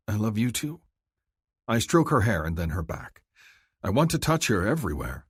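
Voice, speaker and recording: A man narrating a first-person romance audiobook in a husky voice, shifting up to speak the heroine's lines. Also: normal speed, long pauses, dry recording, clean studio sound. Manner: husky, lively delivery, lifting high for the heroine's lines.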